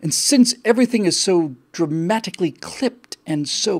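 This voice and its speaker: A man's voice: sits high, animated, moderate pace, few pauses. A man from the United States hosting a show, giving a rambling, sardonic political commentary monologue. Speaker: show host.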